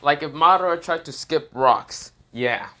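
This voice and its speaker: A man's voice: a little high, measured pace, bright, forceful tone. A man casually telling an improvised fan story, rambling and swearing, full of fillers and self-corrections.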